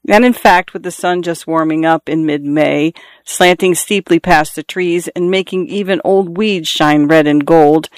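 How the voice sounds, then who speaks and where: A man reading a novel aloud as narrator, in a measured, even storytelling manner. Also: fairly high pitch, no room sound. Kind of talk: scripted audiobook narration.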